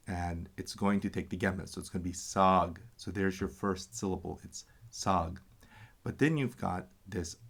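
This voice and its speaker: A man patiently teaching a reading lesson, sounding out syllables and pausing to explain and correct himself. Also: deep voice. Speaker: language teacher.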